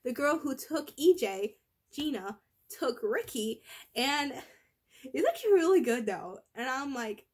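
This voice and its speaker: A woman's voice: high-pitched, big pitch swings, unhurried, husky. A teenage girl rambling in a casual vlog, full of fillers and restarts, her voice worn from being sick. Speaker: vlogger.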